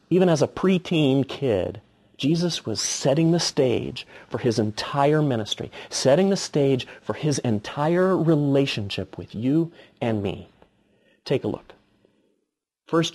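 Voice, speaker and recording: A middle-aged man preaching a sermon, telling stories with animated, acted-out moments. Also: mid-range voice. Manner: animated storytelling with acted quotes.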